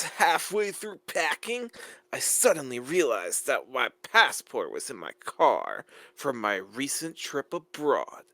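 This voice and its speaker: A man reading a story aloud to friends, in a lively, animated way. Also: a little high, no echo. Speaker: story reader.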